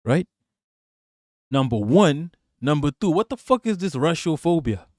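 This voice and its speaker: A man's voice: a little high, big pitch swings, unhurried, darkish tone, dry recording, clean studio sound. A man live-streaming political commentary, ranting emphatically and repeating himself, with constant swearing. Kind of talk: profane reaction rant.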